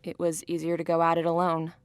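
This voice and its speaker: A woman's voice: fairly low pitch, completely flat delivery, fast talker, lightly acted. Young woman playing sardonic teen girl Jojo. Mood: reflective. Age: young adult. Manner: sardonic, bitter. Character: angry, sarcastic teenage girl Jojo. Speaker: high school student. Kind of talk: film narration and scene acting.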